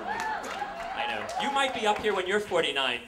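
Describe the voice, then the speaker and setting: A man's voice: high-pitched, wildly swooping pitch, normal speed, crowd noise. A man in his forties from New York, telling a rambling, self-deprecating comic story on stage into a handheld mic. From New York, USA. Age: 40s. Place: on a stage before an audience. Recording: noisy live recording.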